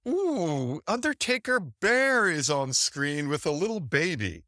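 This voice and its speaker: A man co-hosts with dry, sarcastic jokes, his voice bright and slightly raised in pitch. The sound is close and dry with faint music underneath. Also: big pitch swings, takes it slowly, dry recording. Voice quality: sarcastic, joking. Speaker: podcast co-host. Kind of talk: casual chat recapping old wrestling episodes.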